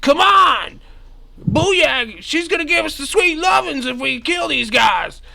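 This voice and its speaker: A man voicing a frantic male goblin raider, yelling in a squeaky, bossy way during a tabletop game. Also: animated, takes it slowly, gravelly, exaggerated voice.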